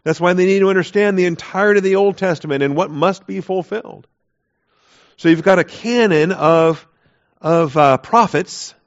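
A man's voice: sits high, normal speed. A man teaching a Bible class in an emphatic way, repeating key phrases and putting rhetorical questions to his listeners. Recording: dull lo-fi recording.

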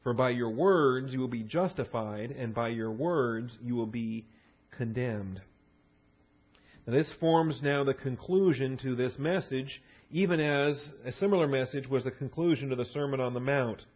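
Husky man teaching a sermon. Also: medium pitch, normal speed, dull audio. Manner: repeats words for emphasis, many restarts. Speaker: Bible teacher. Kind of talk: verse-by-verse sermon.

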